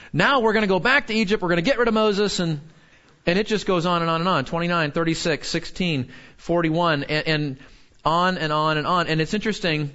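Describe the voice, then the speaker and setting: A man preaching a sermon in an animated way, asking the listeners questions and acting out quotes. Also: fairly high pitch, brisk. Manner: animated, full of rhetorical questions, acts out quotes. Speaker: pastor. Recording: dull lo-fi sound.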